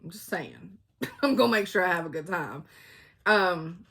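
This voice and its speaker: A middle-aged woman, telling stories in a loud, chatty vlog and laughing often. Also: lowish voice, animated, normal speed, slightly rough. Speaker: cross-stitch vlogger. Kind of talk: casual storytelling chat.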